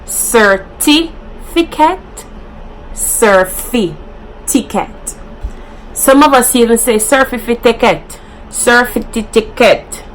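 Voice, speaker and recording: A woman's voice: medium pitch, vocal fry, slight background noise, low-quality recording. A young adult woman with a Jamaican accent, hosting a casual vlog and playfully switching into patois examples. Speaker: vlogger.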